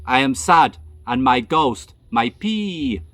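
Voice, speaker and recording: A man voicing the restless ghost of a dead male friend, speaking calm, melodic broken English. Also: medium pitch, slow, no echo. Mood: mournful.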